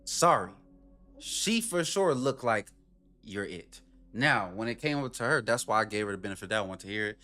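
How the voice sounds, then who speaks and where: A man's voice: expressive, a little fast, sharp tone, soft background music. Blunt, profane man reacting to clips. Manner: blunt, profane, incredulous, often mimics in a high voice. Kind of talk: casual reaction commentary.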